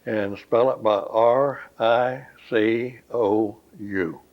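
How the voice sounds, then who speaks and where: An older man from Florida, recalling his family history at a slow, rambling pace in an oral history interview. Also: fairly low pitch, fairly even intonation. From Florida, USA. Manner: slow, rambling, pauses often with "uh". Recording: dull lo-fi recording.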